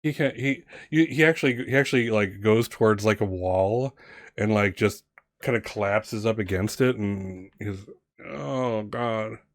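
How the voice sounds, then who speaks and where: A man's voice: lowish voice, moderate pace, dry recording, clean studio sound. Man narrating as game master.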